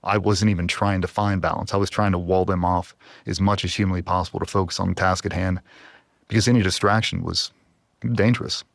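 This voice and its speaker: A man in his forties with a low voice recorded dry and close on a studio mic. He tells hard stories with raw feeling and is fighting back tears. His delivery is earnest and heavy. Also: steady tone, a little fast, gravelly, dry recording. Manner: earnest, emotional, trying not to cry. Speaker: podcast guest, former Navy SEAL. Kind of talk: emotional interview storytelling.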